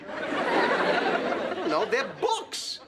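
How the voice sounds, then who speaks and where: A man's voice: extremely high pitch, huge pitch swings, extremely slow, over a noisy crowd, exaggerated voice. An actor playing a neurotic, self-pitying man, talking in anxious, whiny, rambling complaints in a sitcom scene. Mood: sheepish. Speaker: sitcom character. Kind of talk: sitcom acting. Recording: studio audience laughter over background noise.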